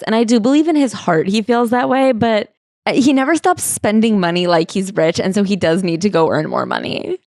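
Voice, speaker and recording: A woman's voice: mid-range voice, very animated, fairly quick, a little mellow, no echo, studio quality. A woman co-hosting a book club podcast, chatting and joking while recapping a memoir. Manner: chatty, jokes about the topic. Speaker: podcast co-host. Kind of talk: casual book club chat.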